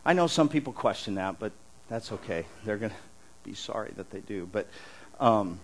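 A middle-aged man preaching a conversational sermon as pastor, animated, often restarting his words and chuckling as he talks. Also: on the low side, normal speed, slight background noise, low-quality recording.

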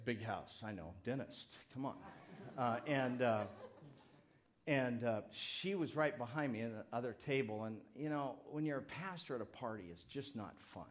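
A man's voice: medium pitch, moderate pace. A pastor in his fifties preaching a sermon in a loose, storytelling way, with rambling asides and self-deprecating humor.

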